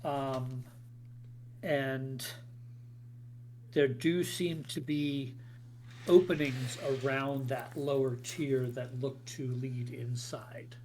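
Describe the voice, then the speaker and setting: A man narrating as game master of a tabletop game, describing scenes in halting bursts with frequent restarts. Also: mid-range voice, steady tone, darkish tone, slight background noise. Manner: halting, many restarts and fillers.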